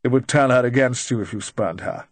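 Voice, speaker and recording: A man's voice: mid-range voice, brisk, dry recording, natural voice. A man reading a shrewd official who questions others with dry, leading remarks. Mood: pointed.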